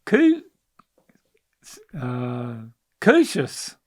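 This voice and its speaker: A man's voice: mid-range voice, huge pitch swings, drawn-out words, a little mellow, no room sound, clean studio sound. An older man, co-hosting a casual chat and stumbling hesitantly over unfamiliar words. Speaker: podcast co-host, the father.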